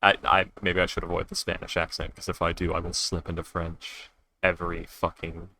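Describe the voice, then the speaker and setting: A man's voice: low-pitched, completely flat delivery, fairly quick, gravelly, bright, forceful tone, slight background noise. A man chatting casually as a tabletop game player, rambling and joking and often correcting himself. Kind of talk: casual chat between players.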